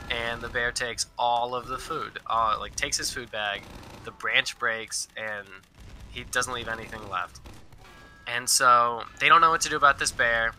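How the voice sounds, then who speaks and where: A man's voice: mid-range voice, sharp tone, slight background noise. A young man casually telling a rambling story, full of fillers and quoted dialogue. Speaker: storyteller guest.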